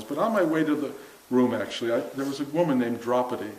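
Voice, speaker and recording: An older man speaks at an ordinary pitch, spinning a long story to a gathered group. He mocks himself and jumps into a higher, louder voice to act out other people's words. The room rings around him, with faint hiss underneath. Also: fast talker, roomy sound, rough recording. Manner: self-mocking, acts out quotes in a raised voice.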